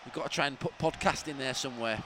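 A man's voice: mid-range voice, fast, pushed and bright, a little hiss or hum. A man from Yorkshire, co-hosting a casual podcast while watching a match, bantering and heckling players. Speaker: podcast co-host.

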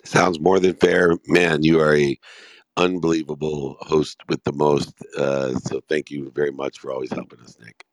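Very deep-voiced man in his fifties. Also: little pitch movement, normal speed, no echo. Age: 50s. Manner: emphatic, heartfelt, motivational. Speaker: host and business speaker. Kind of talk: live audio room Q&A.

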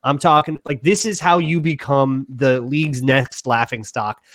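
A man co-hosting a sports podcast, ranting with animated conviction. His voice is mid-pitched for a man, and the sound is dry and close, with almost no room around it. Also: a little slow, no echo. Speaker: podcast co-host.

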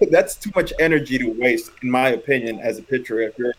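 Regular dude, ex pitcher, chatty, tells stories w/ little voices for the quotes. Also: male voice, fairly even intonation, fast, low-quality recording. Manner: loose storyteller who acts out quotes. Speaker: former baseball pitcher. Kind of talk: casual chat.

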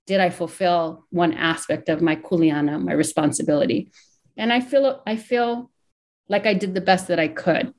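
A woman's voice: fairly low pitch, normal speed, a little mellow. A middle-aged woman from Hawaii, an author and academic, giving candid, reflective interview answers with frequent restarts and rising emotion.

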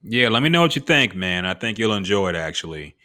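A man's voice: lowish voice, big pitch swings, brisk, bright, forceful tone. A man co-hosting a casual podcast chat, laid-back and joking, often saying "man". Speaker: podcast co-host.

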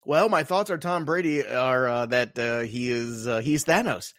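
Male podcast co-host, animated and playful, dry close mic, quick casual delivery. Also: mid-range voice, no echo. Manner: animated, playful hype with filler words. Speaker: fantasy football podcast co-host. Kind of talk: casual chat.

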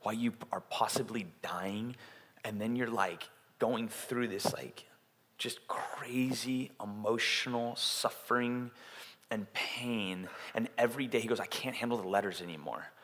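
A man preaching a sermon in a casual, animated way, acting out quotes as he tells stories. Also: medium pitch, a little slow. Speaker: pastor. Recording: long hall reverb.

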